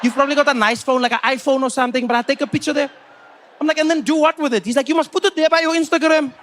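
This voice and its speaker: Man playing a pushy young South African fan, loud, insistent, high bright voice, stand-up act. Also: steady tone, racing, slight background noise. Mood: chatty. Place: comedy club stage.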